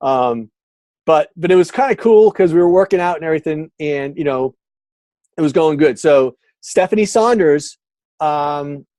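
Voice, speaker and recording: A man's voice: a little high, normal speed, no room sound. A middle-aged man, speaking as a guest on a video call. He tells his story casually and acts out the voices of the people in it. The recording is dry and close, with no room sound. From Massachusetts, USA. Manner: animated, acts out quoted dialogue.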